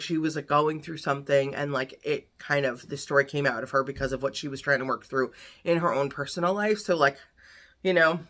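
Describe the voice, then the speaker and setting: A woman chatting through a book review vlog in a loose, rambling way, full of fillers and asides. Her voice is bright and forward, and she keeps it lively and expressive. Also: low-pitched. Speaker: book vlogger. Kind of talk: casual book review chat.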